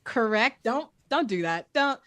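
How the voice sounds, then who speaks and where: Young woman from east oakland doing deadpan standup on a video call, clean announcer voice, kinda high, dry sound. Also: a little slow, no room sound. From East Oakland, California. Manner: deadpan, crisp announcer-like delivery. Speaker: stand-up comedian. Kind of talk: stand-up comedy set over video call.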